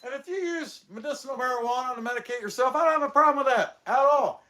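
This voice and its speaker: Man, very high voice, bright, rambling joking host, casual monologue. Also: quick pace, a little hiss or hum. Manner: rambling, wisecracking. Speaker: woodcarving channel host.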